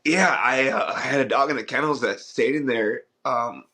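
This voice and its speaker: A man's voice: mid-range voice, moderate pace, pushed and bright. A young adult man, a dog trainer and podcast host, telling a rambling story in casual chat. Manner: rambling, restarts with "uh" and "I was like".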